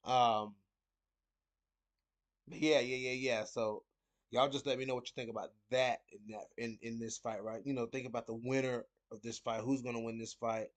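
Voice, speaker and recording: A man's voice: mid-range voice, level tone, moderate pace. A man hosting a casual fight preview, rambling and repeating words with lots of fillers. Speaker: host of a fight picks show.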